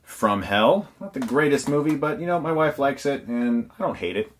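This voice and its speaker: A man's voice: mid-range voice, expressive, moderate pace, slight background noise. A man reviewing films who walks through his collection in a casual on-camera listing, dropping wry, sarcastic asides.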